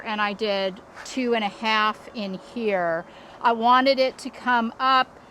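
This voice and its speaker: A middle-aged woman with a somewhat high voice talks through a garden project in a casual, upbeat way. She is recorded outdoors in a backyard, with a faint hum of traffic behind her. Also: takes it slowly, pushed and bright. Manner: chatty and upbeat, with small restarts. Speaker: landscape designer and channel host. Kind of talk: casual vlog walkthrough.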